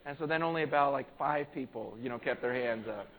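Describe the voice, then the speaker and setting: A man's voice: mid-range voice, a little fast, fairly bright tone, a little hiss or hum, rough recording. Earnest man preaching a sermon. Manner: earnest, conversational, rising to emphatic peaks. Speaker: pastor. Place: church.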